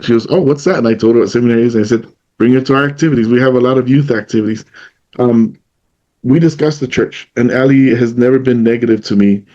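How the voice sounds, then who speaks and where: Male co-host, chatty storyteller, mid pitch, lo-fi recording. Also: fast, warm tone. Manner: storytelling, retells what others said in their voice. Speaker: podcast co-host. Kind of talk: casual conversation.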